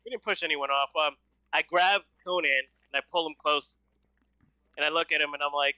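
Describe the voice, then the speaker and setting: Guy w/ really bright crisp voice, hesitant player, kinda dull mic. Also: a little high, moderate pace, dry recording. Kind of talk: casual in-character play.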